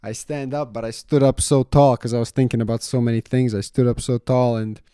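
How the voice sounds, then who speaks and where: A young man chatting casually about his life in a vlog. He swears freely, leans on "you know" and "man", and gets louder when he retells a story. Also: medium pitch, level tone, a little fast, clean tone, no room sound, studio quality. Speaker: vlogger.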